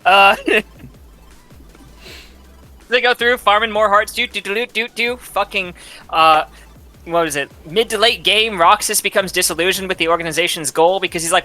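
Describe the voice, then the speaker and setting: A man's voice: fairly high pitch, normal speed, pushed and bright, soft background music. A man casually retelling a game's story, rambling and swearing, often laughing. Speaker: host retelling a game's plot. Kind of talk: casual drunk chat.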